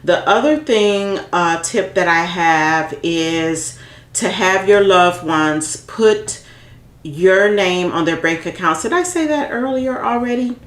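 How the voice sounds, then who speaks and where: A woman's voice: fairly low pitch, animated, slow pace. A woman vlogger giving casual, heartfelt planning advice, rambling and repeating herself as she talks. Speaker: vlogger giving end-of-life planning tips. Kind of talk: casual advice talk to camera. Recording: echoey room.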